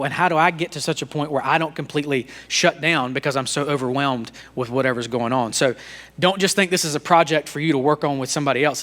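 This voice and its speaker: Bright-toned earnest man teaching leadership. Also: a little high. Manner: earnest, conversational, self-disclosing; repeats words and restarts sentences. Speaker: podcast co-host. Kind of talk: faith-based leadership teaching.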